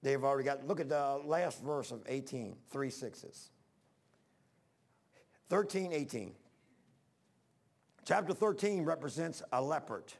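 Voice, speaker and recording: A man's voice: mid-range voice, expressive, a little slow, creaky, pauses often. A male preacher giving a folksy, rambling sermon, talking straight to his congregation.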